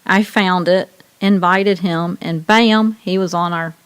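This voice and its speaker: A woman with a Southern US accent, co-hosting a radio show in casual chat, talkative and quick to laugh as she tells long stories. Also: lowish voice, steady tone, smooth. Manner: chatty, laughs often, tells stories at length.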